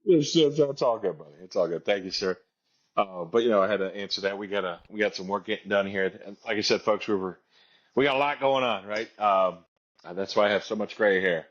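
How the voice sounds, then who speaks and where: A man's voice: on the low side, fairly quick, a bit bright. A middle-aged man hosting a podcast, folksy and upbeat, talking to his listeners as folks. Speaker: podcast host and local politician. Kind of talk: casual podcast chat. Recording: slightly dull lo-fi sound.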